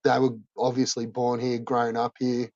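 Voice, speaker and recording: A man's voice: medium pitch, monotone, a little mellow, no room sound. Sweary man, dull dry sound. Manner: sweary, slangy, drawn-out "like" fillers. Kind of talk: casual chat.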